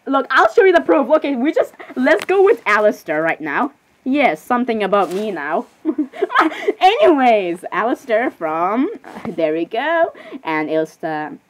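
A young woman chatting casually to her viewers while browsing pictures, giggling often and breaking into excited exclamations. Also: a little high, poor audio. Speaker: video creator.

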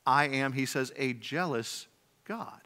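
A man preaching a sermon as pastor, with a dramatic delivery that swings between loud emphasis and hushed, low passages, asking many rhetorical questions. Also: slow pace, long reverb tail. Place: church sanctuary.

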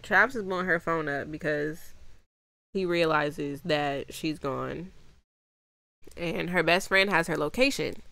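A woman's voice: on the low side, fairly bright tone, no echo. A woman giving a casual, rambling movie recap, exasperated and often laughing, acting out the characters' lines as she goes. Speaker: movie reviewer.

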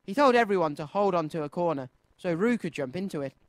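A male children's radio presenter reads a storybook aloud. His pitch swoops lively and sing-song. The sound is dry and close. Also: fast, dry recording.

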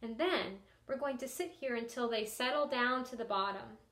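A woman voicing a patient old grandfather who teaches meditation, gentle and unhurried. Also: on the high side, natural voice. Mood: calm. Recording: roomy echo.

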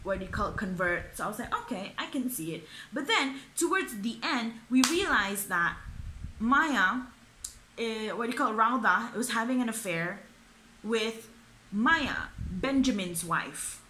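A woman's voice: on the high side, lively intonation, unhurried, pushed and bright. A young woman, ranting through a book review, exasperated and swearing, with lots of fillers. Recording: echoey room.

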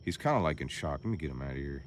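A man vlogging outdoors on a small farm, chatty and worried, thinking out loud as he walks around. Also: rumbling low, lively intonation, very fast, a little hiss or hum. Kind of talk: casual vlog commentary.

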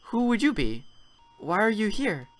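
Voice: very animated, unhurried. A game player voicing an elderly, confused mother who shrieks in fright and clings to her son. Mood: frightened, shrieking. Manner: shrill, shrieking when scared, pleading. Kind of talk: voiced game dialogue.

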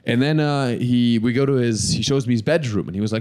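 A man's voice: medium pitch, a little fast, a little mellow. A man, a podcast guest telling a story in a rambling, swearing way. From Germany. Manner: rambling, swearing, many fillers. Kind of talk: casual storytelling.

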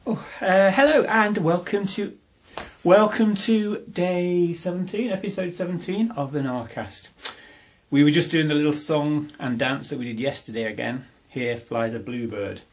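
A man giving a playful home music lesson to a young child, talking in a bright, encouraging, sing-song way. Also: on the high side, moderate pace. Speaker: parent teaching music to a child.

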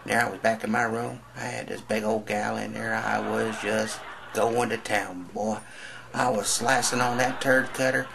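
Guy doing crude standup, low gravelly drawl, noisy recording. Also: flat delivery, moderate pace. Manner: drawling country storytelling, acts out other voices. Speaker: comedian.

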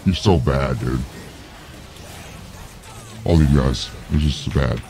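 A man's voice: extremely low pitch, slow, creaky, mellow, soft background music. A man streaming a video game, giving live commentary and ranting angrily and profanely at his teammates.

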